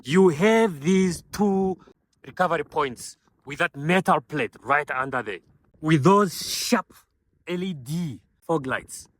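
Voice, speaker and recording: A man giving an enthusiastic car walkaround review, pointing out features with frequent fillers and calling his viewers ladies and gentlemen. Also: a little high, expressive, unhurried, dry recording.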